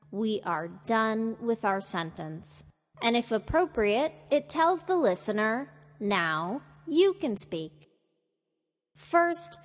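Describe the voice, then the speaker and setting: Woman teacher doing a podcast lesson, slightly high voice, super slow careful delivery, echo hanging in a big room. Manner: slow, careful, deliberate modeling of intonation. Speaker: English pronunciation teacher.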